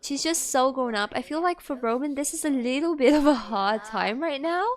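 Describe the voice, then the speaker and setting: A woman's voice: high voice, moderate pace, faint music behind. Chatty woman narrating a game. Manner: chatty, rambling, many fillers. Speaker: gaming host. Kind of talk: let's play commentary.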